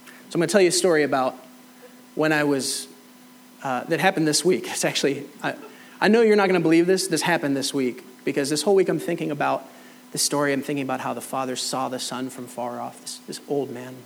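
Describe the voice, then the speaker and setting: A man's voice: on the high side, a little fast, gravelly, slight background noise, rough recording. A middle-aged man preaching a sermon, telling a personal story and acting out both sides of the conversation. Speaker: pastor. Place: church hall.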